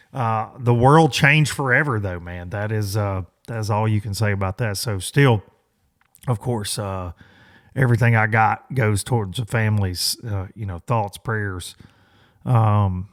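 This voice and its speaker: A man in his forties hosting a podcast, telling a story in a loose, rambling way with many fillers and restarts. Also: mid-range voice. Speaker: podcast host. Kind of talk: casual storytelling monologue.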